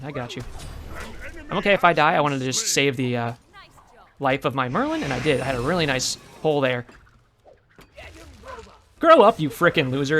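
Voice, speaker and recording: Young guy streaming ranked matches, gravelly voice, chats strategy then gets loud and cocky. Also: mid-range voice. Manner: excitable trash talk with bursts of yelling. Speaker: gaming streamer. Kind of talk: live gameplay commentary.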